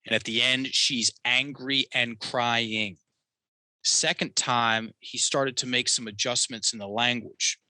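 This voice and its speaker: A man with a very bright, forceful voice tells a personal story as a podcast guest. He is animated and acts out the voices of the people in his story, recorded dry and close. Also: medium pitch, slow pace, no room sound. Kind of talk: storytelling in a conversational interview.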